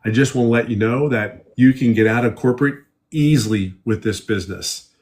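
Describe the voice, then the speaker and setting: A man's voice: medium pitch, brisk, darkish tone. A middle-aged man, a guest in a casual live interview, who rambles and repeats himself as he tells stories.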